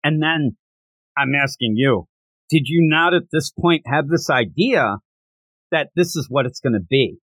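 A man's voice: a little high, unhurried, dry recording. A man co-hosting a manga podcast, retelling scenes with gusto and acting out characters' lines. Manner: animated storyteller, acts out characters' lines. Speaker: podcast co-host. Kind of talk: casual chat, manga review.

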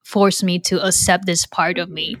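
A woman's voice: on the low side, flat delivery, normal speed, a bit bright, no echo. Candid woman podcast host, dry sound. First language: Chinese. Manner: candid, self-deprecating, many fillers and restarts. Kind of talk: casual podcast conversation.

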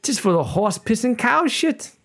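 A man's voice: very high voice, big pitch swings, moderate pace, a bit bright, pitched above the performer's own voice, heavily acted. A man voicing a blunt rural Cornish farmer in a put-on Cornish accent, drawn out and mocking. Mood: gruff, teasing.

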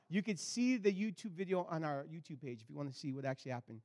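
A man delivers a sermon in a high, bright-sounding tenor. He tells his story in animated swings, jumping to loud outbursts and then dropping to low, intense passages. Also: fast, few pauses. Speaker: pastor.

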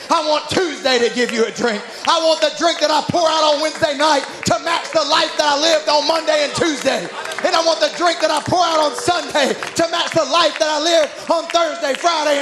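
A man preaching a Pentecostal sermon in a church, building from quiet teaching to shouted, rhythmic calls. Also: very high voice, normal speed, few pauses.

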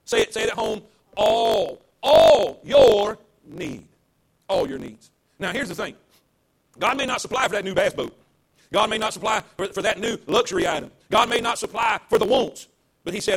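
A man's voice: high voice, a bit bright, husky. A man preaching an emphatic, repetitive sermon to people at home. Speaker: pastor.

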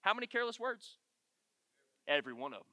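A middle-aged man preaching to a men's group, his voice high and bright with a forceful edge. He tells stories with animated emphasis, driving points home by repeating them, and the sound is close and dry with no room around it. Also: fast, no echo. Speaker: men's Bible study leader. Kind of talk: storytelling sermon to a men's group.

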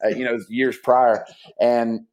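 A man of middle pitch speaks as a guest on a talk show. He tells loose stories and earnest reflections, rambling through fillers and restarts. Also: little pitch movement, unhurried, darkish tone, poor audio. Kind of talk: casual storytelling and heartfelt reflection.

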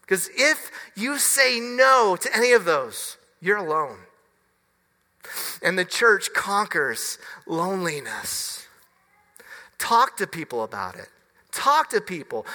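Man, pastor, sermon, slow, bright voice, earnest, halting restarts, long hall reverb. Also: very high-pitched. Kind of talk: sermon with personal story.

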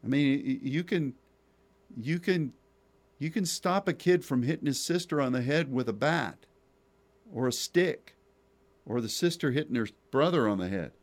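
A man's voice: medium pitch, lively intonation, normal speed. A man hosting Christian radio talk, preaching emphatically with rhetorical questions and repeated words.

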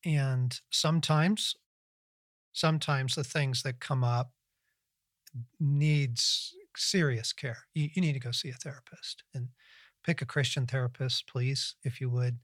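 A middle-aged man teaches in a relaxed conversational way on a Christian podcast, earnest and reflective, sometimes breaking into animated bursts. His voice sits at an ordinary pitch. It comes across dry and close, with no room sound. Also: measured pace, no room sound. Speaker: podcast host and Christian author.

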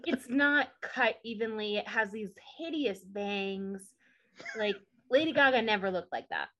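A woman's voice: medium pitch, animated, unhurried, fairly bright tone, lo-fi sound. A woman co-hosting a podcast, chatting casually and opinionatedly as she recaps a show, with many asides. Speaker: podcast co-host.

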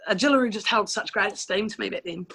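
A woman's voice: mid-range voice, fast talker, gravelly, bright, forceful tone, breathy edge, low-quality recording. A woman from New Zealand with a New Zealand accent, frankly telling stories from her past in a casual interview. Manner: chatty and frank, with mild swearing and laughing asides. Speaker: guest telling life stories.

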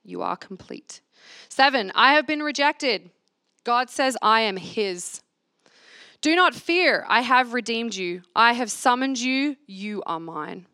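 Reading scripture in a church reflection, a woman earnestly asks the gathering to repeat lines of affirmation after her, call-and-response style. Her voice is fairly high, expressive, bright and forceful, delivered at a measured pace in clean studio sound without room sound.

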